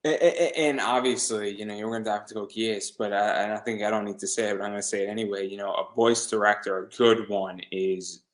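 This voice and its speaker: A man's voice: on the low side, fairly even intonation, fast talker, hardly any pauses. A man hosting an interview who stammers and repeats words while talking enthusiastically. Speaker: podcast host. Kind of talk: casual interview chat.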